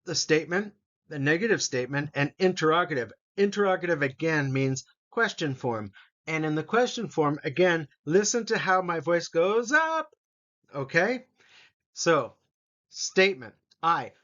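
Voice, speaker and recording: A man teaching an English grammar lesson, slowly reading out example sentences. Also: a little high, expressive, fairly bright tone, muffled recording. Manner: slow, deliberate, reads example sentences aloud.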